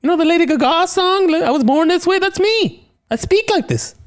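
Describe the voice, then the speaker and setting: A man voicing a fussy, evasive male science officer with a very high-pitched voice, brushing off every worry. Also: expressive, normal speed. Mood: defensive. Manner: shrill, breezy, brushing off worries.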